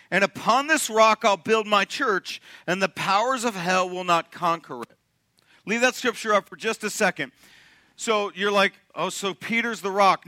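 A young man preaching a sermon to his congregation, animated and joking, often asking the room questions. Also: high-pitched, no echo. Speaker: pastor. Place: church sanctuary.

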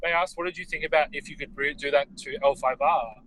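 A man from Australia chats on a podcast in a slightly raised voice. He hesitates often and builds his points slowly. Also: fairly high pitch, fairly even intonation, a bit bright, poor audio. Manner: hesitant, many ums and restarts. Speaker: podcast co-host. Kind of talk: casual podcast chat.

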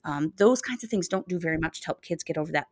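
A middle-aged woman, a child therapist guest on a podcast interview, gives advice in an earnest, measured and expressive way, her voice a little low. She explains carefully, pausing on fillers and restarting phrases, in close, dry sound with no room or echo.

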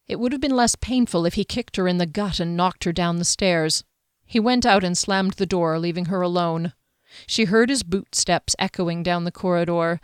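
A woman narrating a fantasy novel in a steady, even storytelling manner on a close studio mic. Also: on the low side, moderate pace, clean tone, no echo. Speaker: audiobook narrator.

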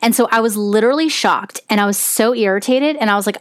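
A woman's voice: on the high side, fast, hardly any pauses, dry recording, clean studio sound. A middle-aged woman hosting a podcast, telling a personal story in a candid, conversational way with lots of "like.". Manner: candid and conversational, heavy use of "like". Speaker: podcast host.

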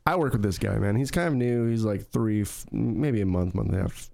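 A man's voice: on the low side, brisk, gravelly, a little mellow, slight background noise. A man co-hosting a podcast in casual chat, rambling with many fillers, restarts and swear words. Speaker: podcast co-host.

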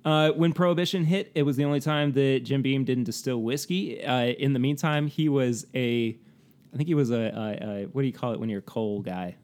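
A man's voice: medium pitch, fairly quick, darkish tone. A man co-hosting a casual whiskey tasting chat, rambling, correcting himself and laughing often. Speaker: co-host of a whiskey tasting show.

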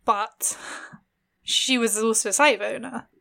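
A woman's voice: on the high side, fairly even intonation, gravelly, bright, forceful tone. Chatty young woman co-hosting a podcast. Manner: chatty, many "like" fillers, quick asides. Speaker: podcast co-host. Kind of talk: casual chat.

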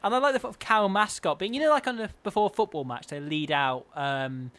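A man's voice: high voice, brisk, fairly bright tone. A man co-hosting a comedic radio show, joking in a whimsical, absurd way. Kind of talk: comedic casual chat.

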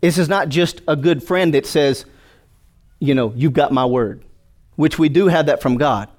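A man's voice: fairly high pitch, normal speed, a little mellow. A male pastor preaching a sermon, joking with the congregation and calling for responses.

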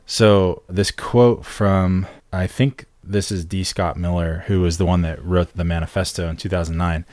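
A man with a deep, low voice explains things at an even, measured pace on a casual podcast, dropping in "um" and "like" as he goes. The sound is dry and close, with no room around it. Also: no echo. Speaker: podcast co-host.

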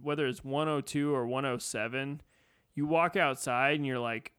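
A man's voice: medium pitch, fairly even intonation, moderate pace, a bit bright, clear, resonant tone. A young man in casual podcast chat, rambling and leaning on "like" as he acts out his own reactions, recorded on a home mic. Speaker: podcast participant. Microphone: home mic on a remote podcast setup.

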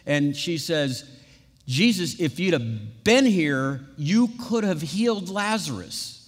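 A male pastor giving a sermon with conversational asides and rhetorical questions, building to emphatic peaks and dropping to hushed, slow passages. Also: on the high side. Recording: long reverb of a large hall.

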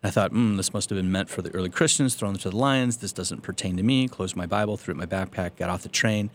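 A man with a fairly low voice tells his own conversion story as a Catholic priest. He speaks earnestly and pokes fun at himself along the way. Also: fast, slight background noise. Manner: earnest storytelling with self-deprecating humor. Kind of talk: personal faith testimony.

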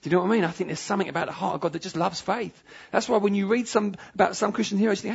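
Emphatic preacher with gravelly voice. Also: male voice, sits high, quick pace. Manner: emphatic, pleading, repeats phrases. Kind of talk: sermon. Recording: dull lo-fi sound.

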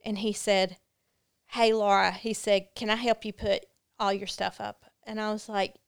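A woman guest in a podcast interview, telling a personal story in an earnest, candid way with halting fillers. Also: medium pitch, flat delivery, creaky, smooth.

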